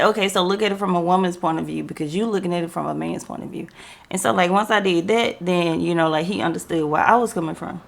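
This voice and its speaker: A woman's voice: mid-range voice, creaky, a bit bright. A young woman hosting a podcast, telling a story in casual slangy talk and acting out the quoted dialogue. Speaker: podcast host.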